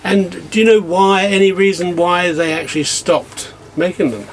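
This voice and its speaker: A man asks casual, teasing questions in a fairly high voice. He sounds distant from the microphone, with faint outdoor noise behind him. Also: steady tone, normal speed. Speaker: interviewer.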